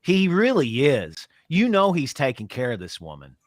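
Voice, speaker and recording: A man's voice: mid-range voice, wildly swooping pitch, moderate pace, no echo, clean studio sound. A man co-hosting a casual podcast, talking emphatically with easy swearing and lots of dude. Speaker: podcast co-host. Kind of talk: casual chat.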